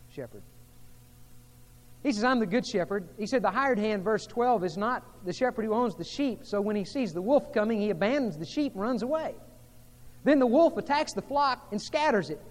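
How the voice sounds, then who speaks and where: A man preaching a sermon as pastor, moving between hushed, intimate passages and emphatic, rising delivery. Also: high-pitched, in a large hall.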